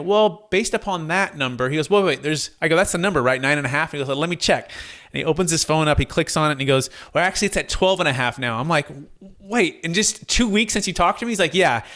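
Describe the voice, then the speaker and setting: Male guest for a podcast interview, slightly high pitch, energetic storyteller who jumps into character voices. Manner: animated storyteller acting out quoted voices. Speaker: guest, tax deferral advisor. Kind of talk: conversational interview, telling a client story.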